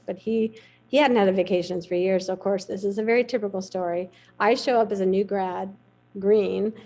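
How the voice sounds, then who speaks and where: Middle-aged woman vet telling a story on a podcast, gravelly and mellow, acts out the voices. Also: mid-range voice, rough recording. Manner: lively anecdotal storytelling, acts out quoted voices. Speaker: veterinarian guest.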